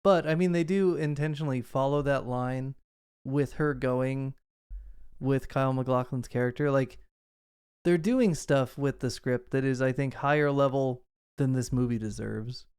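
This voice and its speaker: A man co-hosting a film podcast, talking in an animated, rambling way with lots of fillers. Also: mid-range voice, normal speed, clean tone, no room sound, studio quality. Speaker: podcast co-host. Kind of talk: casual film discussion.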